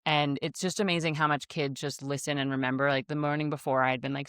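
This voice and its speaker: A woman's voice: low-pitched, level tone, fast talker, few pauses, a bit bright, clean tone, no echo, studio quality. A woman in her thirties co-hosting a podcast, telling easygoing stories in casual chat from her desk microphone. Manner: chatty storyteller, easygoing. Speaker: podcast co-host. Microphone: desk microphone in front of her.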